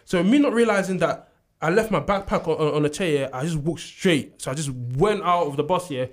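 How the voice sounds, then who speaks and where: A young man telling a story in casual chat, animated, acting out what people said and laughing often. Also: on the high side, fairly quick. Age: young adult. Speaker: university student.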